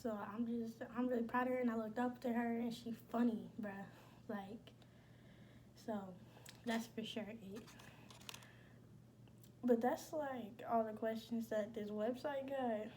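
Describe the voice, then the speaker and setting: A woman's voice: a little high, a little slow, mellow, slight background noise. A young woman talking casually and bluntly to her viewers, slangy and emphatic. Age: young adult. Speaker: vlogger. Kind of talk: casual chat.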